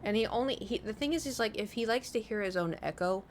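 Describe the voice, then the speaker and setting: A woman's voice: mid-range voice, expressive, fast talker, slight background noise. A young woman with a slight lisp from braces, chatting casually on a live stream and telling rambling, self-mocking stories with frequent laughter.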